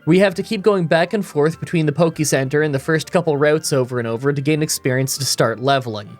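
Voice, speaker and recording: A man's voice: a little high, fairly quick, faint music behind. A man reading scripted voice-over commentary for a game challenge video, with a groggy morning voice, a stuffy nasal sound and dry self-mocking humor, recorded in a booth. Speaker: gaming YouTuber.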